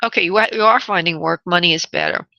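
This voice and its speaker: Bright, higher woman radio host, chatty medium, dry sound. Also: fast, creaky, dry recording, muffled recording. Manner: chatty, affectionate, laughs often. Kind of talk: call-in radio readings.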